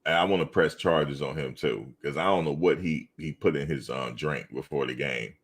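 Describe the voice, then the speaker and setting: A middle-aged man with a low, deep voice hosts a loose sports talk stream. He banters with his viewers in animated slang and hammers the same point over and over. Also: moderate pace. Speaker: live show host reading chat. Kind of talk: casual sports chat.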